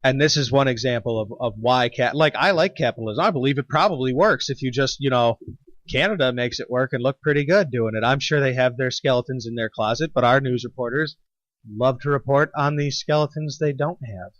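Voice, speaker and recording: A man's voice: mid-range voice, fairly quick, a bit bright, no room sound. A man co-hosting a podcast in casual chat, opinionated, swearing freely and laughing often. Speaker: podcast co-host. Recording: dull lo-fi podcast audio.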